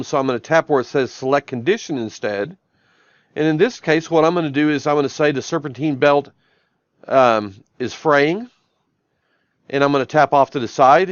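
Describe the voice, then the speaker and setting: A software trainer's fairly high, clear, resonant voice comes through a dry recording with the highs cut off. He's in his office running a live stream on a shop tablet app, going step by step and repeating "I'm gonna" before each move.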